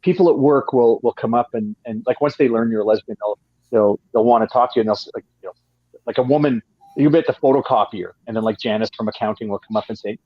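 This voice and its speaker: A man's voice: mid-range voice, fast talker, breathy edge, no room sound, muffled recording. A man from Canada, a guest telling long profane stories in casual chat, with many restarts. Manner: profane, rambling, frequent restarts.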